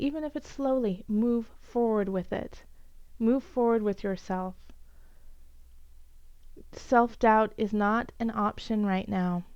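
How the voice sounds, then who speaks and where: A woman's voice: fairly high pitch, a little mellow, clear, resonant tone, no echo, muffled recording. A woman giving an earnest, encouraging tarot reading for each zodiac sign, with many fillers and restarts. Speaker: tarot reader.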